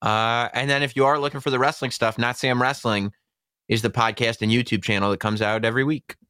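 A man's voice: mid-range voice, fairly even intonation, brisk, pushed and bright, smooth, no echo, studio quality. A young adult man as a podcast guest in casual chat, telling self-deprecating stories and laughing often.

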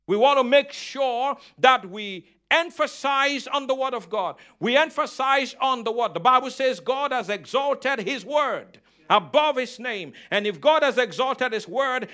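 High, bright-voiced preacher man. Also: unhurried, few pauses, clear, resonant tone. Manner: call-and-response preaching, repeats phrases. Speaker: pastor. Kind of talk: sermon.

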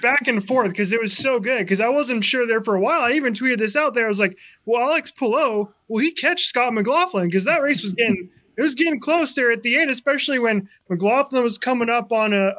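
A man co-hosting a sports talk show, telling a story in a chatty, animated way. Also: very high-pitched, fast, hardly any pauses. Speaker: sports radio co-host.

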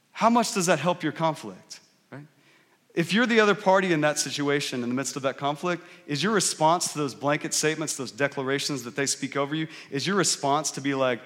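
A man's voice: fairly high pitch, brisk, a bit bright. A man in his thirties, a pastor giving a conversational sermon and often checking in with the congregation. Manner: conversational preaching, often asks the crowd "right?". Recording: long hall reverb.

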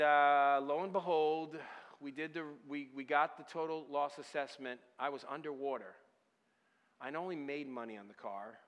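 Passionate preacher in a reverberant hall. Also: male voice, medium pitch. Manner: preaching, swings from quiet storytelling to loud passionate crying out. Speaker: pastor. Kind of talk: sermon with personal story.

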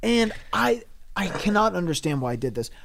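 Man, fairly high voice, casual podcast storytelling, swearing, laughing, loud bursts and muttered asides. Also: moderate pace, creaky, crowd noise. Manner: profane, laughing anecdotal delivery; animated, swinging between loud bursts and mumbled asides. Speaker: podcast co-host.

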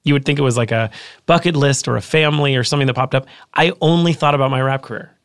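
A man in his thirties, an author guest telling his story in a casual interview, earnest and quick with frequent restarts. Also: medium pitch, smooth, no echo, studio quality.

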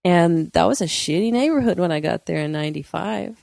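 A woman co-hosting a podcast, telling chatty stories and acting out the quotes, with a creaky voice. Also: fairly low pitch, expressive, fairly quick, a little mellow, dry recording, studio quality. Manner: chatty storyteller, acts out quotes. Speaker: podcast co-host. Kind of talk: casual chat.

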